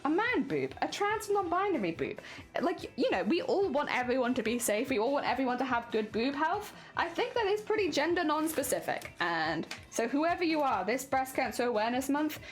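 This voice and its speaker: A chatty woman talking to her stream audience in a high, bright voice. Her pitch jumps around a lot as she talks, playful and bubbly, with faint music playing behind her. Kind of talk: casual live-stream chat while crafting.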